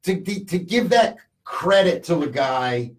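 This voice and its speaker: A man's voice: a little high, animated, a little slow. A man from Baltimore, a comedian guest in a casual podcast chat, blunt, profane and sardonic. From Baltimore, Maryland.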